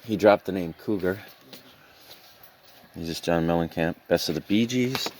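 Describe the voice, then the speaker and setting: Low-voiced man musing over records. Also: normal speed, background noise. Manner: rambling, reads out album titles with deadpan joking asides. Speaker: reseller showing a record haul. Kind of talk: casual vlog commentary.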